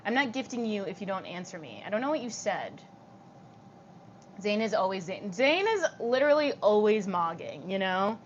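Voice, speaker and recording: A young woman with vocal fry chatting on a livestream, reading comments out loud and answering them in a giggly, casual way. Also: medium pitch, big pitch swings, normal speed, lo-fi sound, slight background noise.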